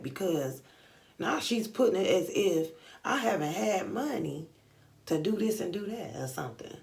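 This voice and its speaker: A young woman vlogger telling a story in casual, animated, slangy chat, acting out the dialogue. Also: medium pitch, normal speed, gravelly. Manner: animated, slangy retelling with lots of quoted dialogue. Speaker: beauty vlogger.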